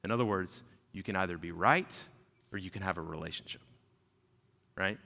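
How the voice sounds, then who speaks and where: A man, preaching a sermon in a casual, animated storytelling way. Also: low-pitched, fairly quick, vocal fry. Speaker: pastor. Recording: long hall reverb.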